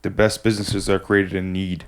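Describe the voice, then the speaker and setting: A man's voice: low-pitched, flat delivery, normal speed. A man co-hosting a podcast, asking questions in a brash, casual way and swearing freely. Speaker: podcast co-host.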